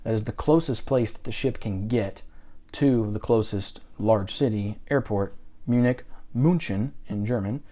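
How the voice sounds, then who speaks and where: Man, mellow voice, casual travel chat, animated storytelling. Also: on the low side, unhurried. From United States. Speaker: podcast co-host.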